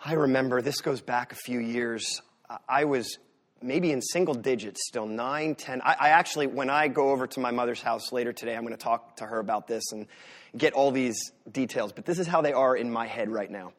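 A man's voice: medium pitch, a little fast. A man from the US Northeast preaching a sermon as pastor, talking in a conversational way with sarcastic asides.

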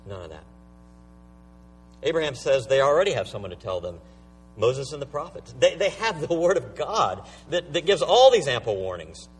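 Male pastor, sermon, emphatic, rhetorical questions, very lively pitch, slightly high voice. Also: a little fast, slightly rough, recorded from a distance, rough recording.

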